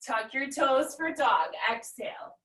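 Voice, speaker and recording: High bright-voiced lady leading kids yoga, playful moos and meows, sounds kinda distant. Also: animated, measured pace. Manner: gentle, instructive, cues breathing, playful animal noises. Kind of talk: guided children's yoga class. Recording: echoey room, far from mic.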